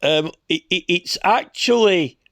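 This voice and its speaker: A man's voice: sits high, lively intonation, takes it slowly, fairly bright tone, no room sound. A man speaks in a somewhat raised register, earnest and unpolished. He talks off the cuff, with frequent stumbles and doubled words as he presses his complaint. The room sound is dry and close. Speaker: citizen campaigner. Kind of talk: unscripted monologue.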